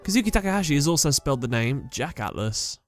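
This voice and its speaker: A man's voice: fairly high pitch, very animated, fast, soft background music. A man hosting a video, reading out character trivia in a plain, matter-of-fact way. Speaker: host. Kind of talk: scripted narration of character trivia.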